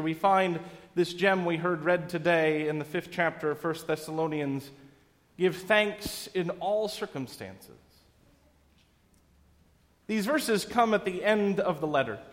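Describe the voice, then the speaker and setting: A man preaching a sermon in a wry, easygoing storytelling manner, recorded in a church sanctuary. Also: a little high. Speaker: pastor. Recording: long reverb of a church sanctuary.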